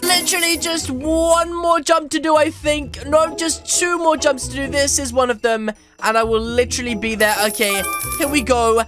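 A young woman YouTuber giving playful, animated game commentary and teasing her friends. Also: high voice. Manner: animated, teasing, quick switches between narration and banter. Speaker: gaming YouTuber.

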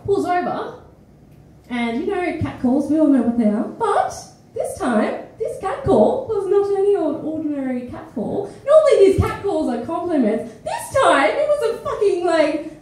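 A woman's voice: very high voice, moderate pace, slight background noise. A young Australian woman, tired and phlegmy, chatting frankly with a live audience between poems, swearing and laughing as she goes. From Perth, Australia. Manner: animated, frank, swears often, laughs mid-sentence. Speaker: feature poet. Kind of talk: casual stage banter. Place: small indoor studio venue with live audience. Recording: echoey room, mic from far off.

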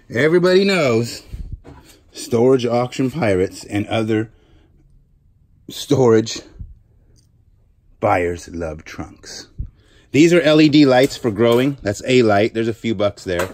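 A man's voice: mid-range voice, animated, slow pace, pauses often. A man hosting a vlog, chatting casually and joking while he sorts through a storage unit. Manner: chatty, jokey, thinking out loud. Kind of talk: casual chat to camera.

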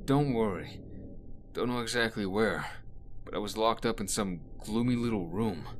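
A man's voice: fairly low pitch, normal speed, slight background noise, natural voice. A man voicing a blunt, swearing teenage delinquent boy in a horror game. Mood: brash.

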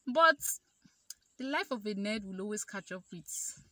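With no echo, a young Nigerian woman speaks at a measured pace and medium pitch, storytelling casually to camera. Her Nigerian accent, animated quoted dialogue, and many fillers give the vlog a chatty feel.

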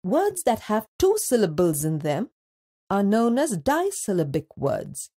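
A woman narrating a scripted school lesson, speaking slowly and deliberately and stretching words out syllable by syllable. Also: mid-range voice, huge pitch swings, mellow. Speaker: teacher narrator.

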